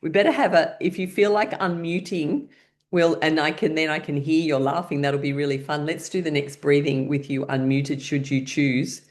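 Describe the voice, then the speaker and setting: A middle-aged woman leading a laughter session over a video call, playful and cheerful, breaking into laughter and high whoops. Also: fairly even intonation, normal speed. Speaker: laughter yoga leader.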